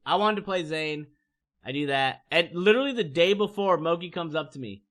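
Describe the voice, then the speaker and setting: A man telling a casual story on his stream, animated, profane and rambling. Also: a little high, brisk.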